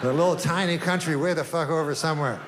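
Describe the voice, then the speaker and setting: Deadpan man doing stand-up in a hall. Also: on the high side, fast talker, background noise. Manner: deadpan, rambling, with long setups. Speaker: stand-up comedian. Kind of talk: stand-up routine. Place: comedy stage. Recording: live stage recording in a reverberant hall, faint ambience.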